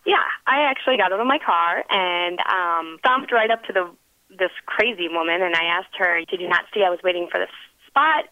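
A woman with a Wisconsin accent phones in to a radio show and tells her story at length, sounding indignant. Her voice sits low and is heard through a dull, muffled phone line. The sound is dry. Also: moderate pace, dry recording. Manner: indignant, long-winded retelling. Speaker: radio caller.

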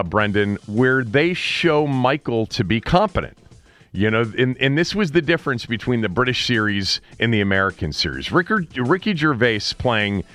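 A male sports radio host with a lowish voice that swings up and down as he riffs casually. He chats in a loose, talky way, laughing at his own asides, with faint music underneath. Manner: chatty, animated, laughing asides.

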